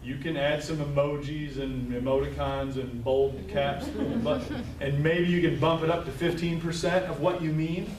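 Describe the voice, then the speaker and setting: A man's voice: a little high, fairly even intonation, moderate pace, few pauses, crowd noise. Man giving a staff training in an echoey room. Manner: conversational, storytelling, tags points with "right?". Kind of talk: live training presentation. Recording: echoey room, mic far off, faint noise.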